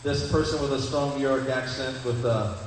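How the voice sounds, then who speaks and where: A man's voice: mid-range voice, fairly even intonation, moderate pace, a little hiss or hum. A young man giving a sermon, speaking conversationally to the congregation and asking them questions. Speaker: pastor. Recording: echoey hall from far off.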